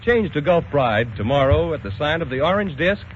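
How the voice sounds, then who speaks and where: A man's voice: on the high side, animated, brisk, a little hiss or hum. A man reading a scripted commercial in a folksy, persuasive way. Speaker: announcer. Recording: muffled old radio broadcast.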